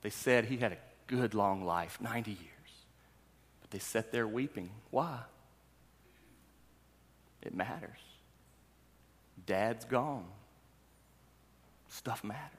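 A pastor in his thirties preaching a sermon, talking with his congregation and asking them questions before he builds to loud, emphatic preaching. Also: on the low side, slow, pauses often. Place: church hall. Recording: long hall reverb.

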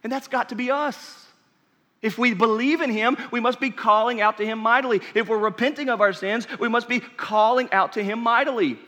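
A man preaching a sermon as pastor, passionate, swinging from near-shouts down to whispers. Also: very high voice, a little fast. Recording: reverberant hall.

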